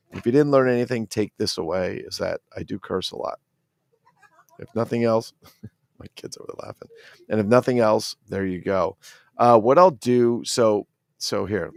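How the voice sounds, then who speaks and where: A middle-aged man with a New Jersey accent hosts a casual livestream, excitable and profane, rambling as he reads out chat comments. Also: fairly low pitch, creaky, no room sound, clean studio sound. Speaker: toy collector livestream host.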